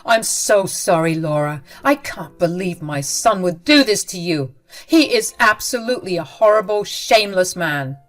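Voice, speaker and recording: A woman's voice: on the low side, sing-song, measured pace, faint music behind. A woman voicing a sympathetic older father-in-law who speaks in a firm, reassuring way. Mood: angry.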